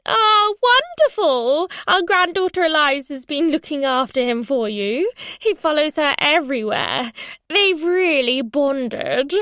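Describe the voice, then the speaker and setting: A woman voicing a gracious, cheerful older grandmother welcoming a visitor in an audiobook, speaking slowly and warmly. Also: high-pitched, animated, no room sound, clean studio sound, voice pushed up.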